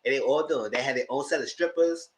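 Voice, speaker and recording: A TV show reviewer giving a casual recap, animated and laughing, acting out the characters in squealing high voices. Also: fast talker. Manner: laughs through the story.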